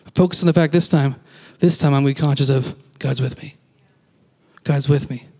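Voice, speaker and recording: A man's voice: medium pitch, fairly even intonation, a little fast, mellow, long reverb tail. A man giving a casual, conversational sermon as a pastor, acting out quoted lines and laughing now and then.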